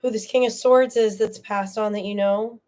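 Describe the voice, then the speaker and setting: A woman's voice: mid-range voice, moderate pace. Lady doing a live tarot reading, chatty, keeps saying okay? all right?, kinda teary. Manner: animated, chatty, many "okay?" and "all right?" check-ins. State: tearful, emotional. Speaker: tarot reader.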